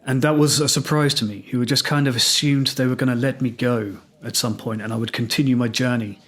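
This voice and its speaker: A man's voice: mid-range voice, fairly even intonation, brisk, a bit bright, slightly rough. A man from England with an English accent, hosting a solo podcast and telling his own story in a reflective, wry, self-deprecating way. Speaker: podcast host.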